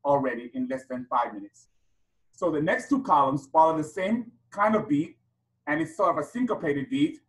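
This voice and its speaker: A middle-aged man runs a teachers' workshop, his voice sitting a little high for a man. He checks in with the room and breaks into rhythmic chants to demonstrate. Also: expressive, normal speed, rough recording. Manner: rhythmic, chants letters to a beat; asks the audience rhetorical questions. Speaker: teacher trainer leading a workshop.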